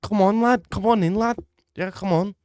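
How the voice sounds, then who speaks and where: A man's voice: high voice, normal speed, a little mellow, smooth, no echo, clean studio sound, pitched above the performer's own voice, natural voice. A man voicing a pushy male booth hawker who coaxes and wheedles someone into coming in. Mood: coaxing. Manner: wheedling, coaxing, teasing.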